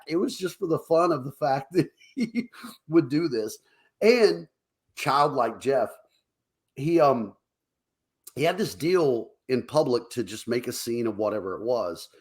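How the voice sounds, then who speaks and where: A man co-hosting a casual talk show, telling stories over drinks, acting out quotes in higher voices and laughing often. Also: animated, moderate pace. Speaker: podcast co-host.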